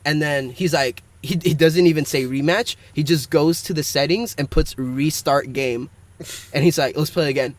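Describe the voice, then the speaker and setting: A man's voice: on the high side, moderate pace, no room sound. A young man co-hosting a casual podcast, rambling through a story and laughing often. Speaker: podcast co-host.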